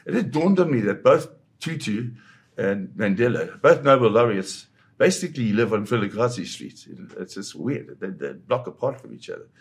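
A man's voice: mid-range voice, lively intonation, normal speed, gravelly. A man, a photojournalist guest, telling a dramatic first-person story in a vivid way. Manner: vivid storyteller who slips into quoting voices.

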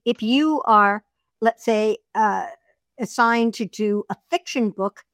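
A middle-aged woman narrator talks in a chatty, storytelling way, laughing easily between points. Her voice sits a bit high. The sound is dry with no room around it. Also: slow pace, a bit bright, dry recording. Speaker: voiceover artist and audiobook narrator. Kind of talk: casual interview chat.

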